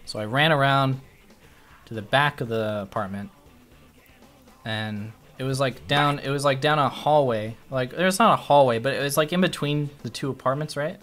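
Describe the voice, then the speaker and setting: A male streamer telling a long story in casual chat, rambling and swearing freely, and jumping into animated voices when he quotes people. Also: medium pitch, normal speed, soft background music.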